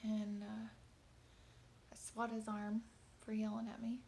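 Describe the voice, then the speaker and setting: A woman in her thirties recounting a hard evening with her son in a personal video diary, speaking softly and haltingly, often close to a whisper, and tearful at times. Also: medium pitch, monotone, slight background noise. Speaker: mother.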